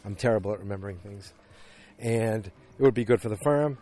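A man's voice: fairly low pitch, fairly quick, mellow. A man casually recapping a TV episode, rambling with lots of fillers and restarts. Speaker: show recapper. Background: dogs barking.

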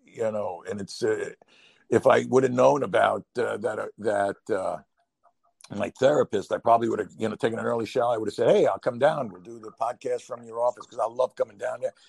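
A man with a Brooklyn accent talks in a casual, rambling podcast chat, often laughing and pushing his voice up when he gets excited. His voice is gravelly and husky. The sound is dry and close. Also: medium pitch, brisk, no echo. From New York. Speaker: podcast co-host.

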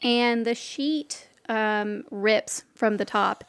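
A woman's voice: fairly high pitch, extremely slow, clear, resonant tone, dry recording, clean studio sound. A woman running a tabletop game as game master, narrating loosely with many fillers and frequent laughs.

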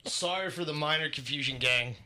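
A man co-hosts a podcast in loose, crude casual chat. He rambles through his stories. His voice is very bright and sharp. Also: fairly high pitch, fairly quick, slight background noise. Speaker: podcast co-host.

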